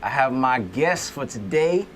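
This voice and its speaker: A man's voice: mid-range voice, animated, unhurried, crowd noise. A man hosting a podcast, talking loosely, joking and swearing freely. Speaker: podcast host. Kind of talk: casual podcast chat.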